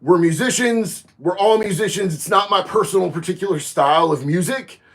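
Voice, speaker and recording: A man, chatting casually on a livestream, reading viewer comments and getting loud and emphatic on his opinions. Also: high voice, fairly quick. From Florida. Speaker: livestream host.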